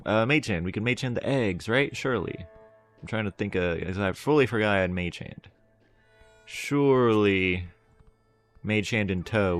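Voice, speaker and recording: A male streamer with a low voice plays a game live, reading its lines aloud with relish and cracking jokes in between. Faint music runs underneath. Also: a bit bright. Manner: joking, laughs often, reads dialogue with relish.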